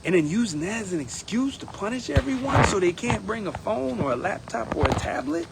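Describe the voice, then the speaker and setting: A man speaking in a casual campaign monologue as a union steward, animated and acting out others in quotes. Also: high-pitched, brisk, vocal fry, heavy background noise. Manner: animated, acts out members' voices in quotes. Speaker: union steward running for president.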